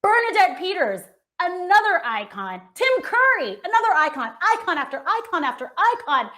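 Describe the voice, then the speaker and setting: Animated high-voiced American woman. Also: normal speed. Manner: enthusiastic, gushing. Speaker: host. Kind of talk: casual chat.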